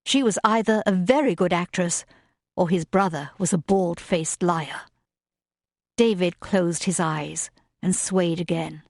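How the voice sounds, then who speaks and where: A woman narrating a romance audiobook in a measured, even reading style. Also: on the low side, dry recording, clean studio sound. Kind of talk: scripted narration.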